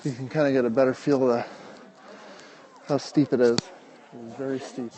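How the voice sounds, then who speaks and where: A man's voice: medium pitch, steady tone, moderate pace, a crowd in the background, rough recording. An American man livestreaming a casual walk outdoors from his phone, chatting with viewers and out of breath from climbing steep hills. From United States. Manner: chatty, answers viewer comments while walking. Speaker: vlogger. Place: outdoors on steep city streets.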